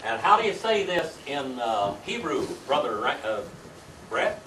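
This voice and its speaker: Older guy teaching sunday school, keeps asking the class stuff, far off mic in a boomy room. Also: very animated, unhurried. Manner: folksy, quizzing the class with tag questions. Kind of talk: Bible class teaching with questions to the class. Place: church classroom. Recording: echoey room recorded from afar, faint hiss.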